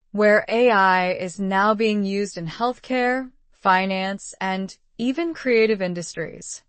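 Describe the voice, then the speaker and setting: A woman reading out model exam answers in an even, polished, measured way. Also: mid-range voice, dry recording. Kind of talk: scripted reading of sample answers.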